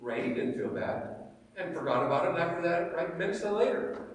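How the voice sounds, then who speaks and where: A middle-aged man teaching Sunday school, telling animated stories and quizzing his class. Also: on the high side, a little fast. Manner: animated storytelling, asks the class questions. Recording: echoey church hall, mic far away.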